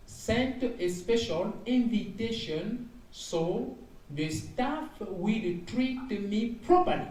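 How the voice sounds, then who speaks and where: Man preaching about dreams, mellow voice, lots of hallelujahs, echoey room. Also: high voice. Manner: exclamatory, repeats phrases, frequent hallelujahs. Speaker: evangelist interpreting dreams. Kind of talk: sermon, reading and interpreting dreams. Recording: echoey room heard from a distance.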